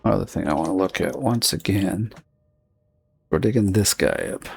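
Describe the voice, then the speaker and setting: Gravelly low-voiced man narrating gameplay. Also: moderate pace. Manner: rambling, thinking aloud while playing. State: losing his voice. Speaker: gaming streamer. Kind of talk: casual gameplay commentary.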